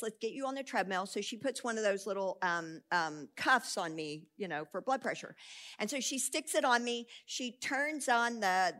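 A middle-aged woman, telling a lively testimony to an audience in a storytelling sermon style and acting out the quoted voices. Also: a little high.

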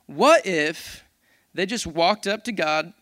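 A fairly high-voiced man preaches in a relaxed, conversational way, reading verses and then riffing on them with quick jokes at his own expense. The sound is dry and close, with no room echo. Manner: conversational, animated, self-deprecating humor. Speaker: worship leader. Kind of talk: casual sermon.

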